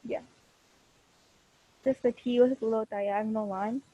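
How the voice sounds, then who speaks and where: A young woman teaching a live online class, speaking very slowly and patiently through a computer mic. Her voice is mellow and a little husky, a bit higher than most, and she keeps stopping to restart her sentences. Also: fairly even intonation, dry recording, dull audio. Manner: slow, patient explaining with frequent fillers and restarts. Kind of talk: online class lesson over video call. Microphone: computer mic on a video call.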